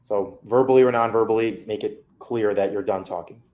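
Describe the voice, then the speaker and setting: A man's voice: fairly low pitch, a little fast, darkish tone. A man coaching a student through feedback on her mock interview, candid and casual.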